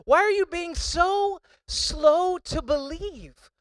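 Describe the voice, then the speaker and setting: A man's voice: very high-pitched, takes it slowly, no echo, voice pushed up. A man voicing God as a stern male figure who rebukes a listener with urgent repeated questions. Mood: rebuking.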